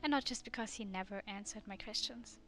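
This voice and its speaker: A woman streamer reading a dating game aloud in a soft, immersive way. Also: mid-range voice, fairly quick, soft background music.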